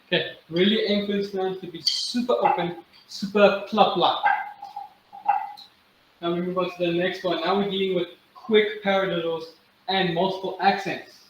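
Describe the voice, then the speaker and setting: A man's voice: sits high, fairly even intonation, normal speed, slight background noise. A male drumming instructor demonstrating exercises, counting aloud and chanting rhythms with patient encouragement. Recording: echoey room with loud drumming. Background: loud drum playing.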